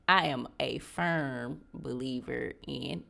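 A woman's voice: a bass voice, slow, creaky, a bit bright. A woman in her late twenties hosting a casual solo podcast, chatting freely and calling her listeners y'all. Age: 20s. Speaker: podcast host.

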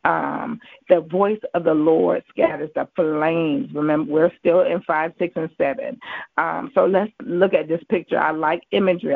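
A man giving a Bible teaching as a preacher, halting with many ums and restarts. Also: on the high side, creaky, breathy edge. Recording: tinny phone-like line, dry.

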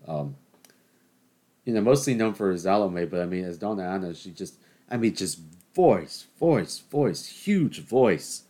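A man hosting a podcast, ranting in a loose, opinionated way with lots of fillers and restarts. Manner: bursts into loud, high exasperation at a game on TV. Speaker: podcast host. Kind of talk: casual solo rant.

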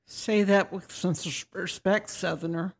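A woman co-hosts a relaxed chat. Her voice has a gravelly edge, and she drops in teasing, dry remarks. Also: fairly low pitch, a little slow. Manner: wry, teasing interjections. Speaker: podcast co-host. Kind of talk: casual chat.

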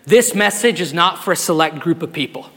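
A male pastor preaching a sermon to his church, swinging from quiet, tender passages to loud, shouted appeals. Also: a little high, expressive, fairly quick, long reverb tail. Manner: emotional, swings from soft to shouted. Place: church sanctuary.

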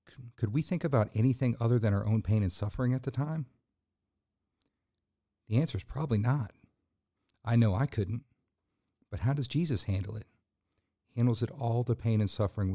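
A man's voice: mid-range voice, mellow. A man hosting a sermon-style podcast, talking earnestly in a casual way with fillers, then building to emphatic, preacherly bursts. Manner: casual fillers and restarts between points. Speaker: podcast host.

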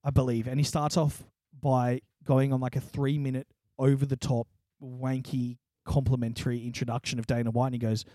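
A man's voice: mid-range voice, brisk, few pauses, no echo, studio quality. A young man co-hosting a podcast, telling stories with lots of swearing and laughter. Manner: laughing, animated storytelling, swears freely. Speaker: podcast co-host. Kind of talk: casual chat.

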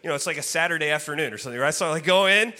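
A man preaching from the pulpit, his voice sitting a little high and sounding bright and forward. He moves between lively, acted-out storytelling and quieter, hushed reflection. A long reverb from the sanctuary trails behind every phrase. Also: very fast. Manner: animated, acts out his own story with loud exclaimed quotes; drops to soft, hushed delivery for reflective points. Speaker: guest preacher. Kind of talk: sermon with storytelling. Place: church sanctuary. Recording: long reverb of a large hall.

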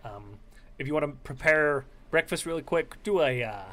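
A man acting as game master in a tabletop game, talking in a relaxed, hesitant way with frequent ums. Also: fairly high pitch, normal speed.

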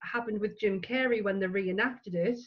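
A woman chatting casually, telling a story quickly and emphatically. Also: mid-range voice, lo-fi sound, a little hiss or hum. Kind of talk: casual chat.

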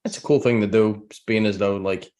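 A man's voice: fairly low pitch, fairly even intonation, normal speed, darkish tone. A man co-hosting a podcast, talking bluntly and swearing freely in casual chat. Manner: profane, blunt storyteller. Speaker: podcast co-host.

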